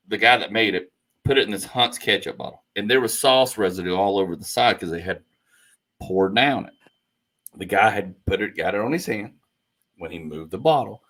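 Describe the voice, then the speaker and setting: Man, low voice, casual podcast storytelling, animated, laughs a lot. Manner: animated storyteller, laughs often, acts out quotes. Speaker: podcast co-host.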